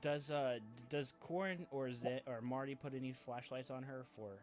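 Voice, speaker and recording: A man narrating a tabletop game as game master, stopping and restarting his sentences often. His voice sits at an ordinary middle pitch. Synth music plays clearly behind him. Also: steady tone. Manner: halting, many fillers and restarts.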